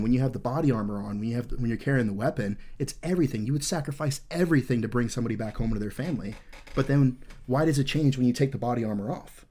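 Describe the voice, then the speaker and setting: A podcast host in his thirties tells a story in casual talk, intense and earnest, rambling with fillers and swearing in nearly every sentence. His voice is medium-pitched and warm.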